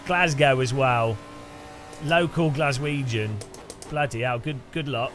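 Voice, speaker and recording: A man with an English Midlands accent, chatting casually and excitably while he streams a sim race. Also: mid-range voice, a little slow. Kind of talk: live-stream chat while sim racing. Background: loud background music.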